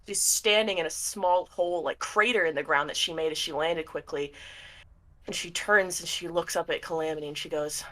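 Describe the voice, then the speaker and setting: A woman's voice: on the low side, pushed and bright. A woman narrating a tabletop role-playing game as game master, laughing often and breaking into character voices.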